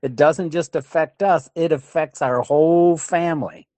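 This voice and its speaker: A man's voice: fairly high pitch, normal speed, darkish tone, no echo. A man co-hosting a Christian talk show, speaking earnestly and conversationally and often checking in with "right?". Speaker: co-host. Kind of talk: casual religious discussion.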